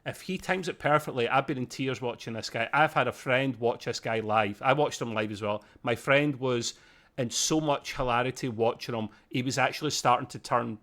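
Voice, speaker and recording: A man's voice: medium pitch, moderate pace, a bit bright. A man co-hosting a TV review, chatty and self-deprecating with jokes. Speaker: co-host reviewing a TV episode. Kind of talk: casual chat.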